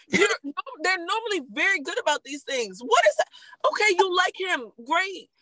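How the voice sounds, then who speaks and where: A woman in a casual TV recap chat, animated, swearing and laughing a lot as she vents. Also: very high-pitched, normal speed, dry recording, rough recording.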